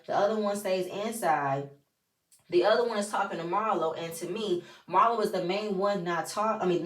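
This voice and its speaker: Sassy woman recapping reality TV. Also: medium pitch. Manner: blunt, profane, sassy asides. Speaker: reality TV reviewer. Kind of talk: casual TV recap commentary. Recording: roomy, voice from a distance.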